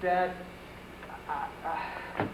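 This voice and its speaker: An actor playing a desperate young adult son on stage, pleading and at times breaking into shouts. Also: male voice, high voice, steady tone, drawn-out words, a little hiss or hum. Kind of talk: live stage drama acting. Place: theater stage. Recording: echoey live theater recording.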